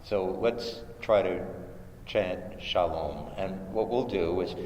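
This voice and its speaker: Man, meditation teacher, slow and low voice, echoey chapel, faint hiss. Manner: slow, gentle guidance with hesitant restarts and chanted syllables. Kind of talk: guiding a contemplative prayer workshop. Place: large chapel with long reverb.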